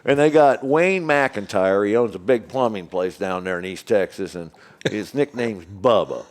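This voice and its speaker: A man from Illinois, a golf course owner telling stories as a podcast guest in animated casual talk. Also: lowish voice, moderate pace. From Springfield, Illinois, USA. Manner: animated, acts out other people's lines in quoted speech. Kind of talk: casual storytelling.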